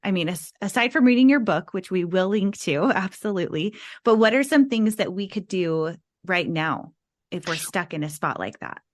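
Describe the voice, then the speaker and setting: A woman's voice: mid-range voice, expressive, moderate pace. A woman hosting a podcast, asking friendly, rambling questions of her guest. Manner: friendly, asks rambling multi-part questions. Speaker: podcast host. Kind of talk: podcast interview.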